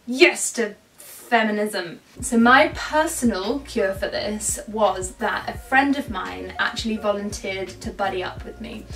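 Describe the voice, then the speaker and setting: Young woman, chatty advice vlog, slow-talking, mic set back, faint music. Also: mid-range voice. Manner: chatty, expressive, self-mocking. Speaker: vlogger. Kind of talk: casual advice vlog to camera. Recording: echoey room, mic at a distance, faint music.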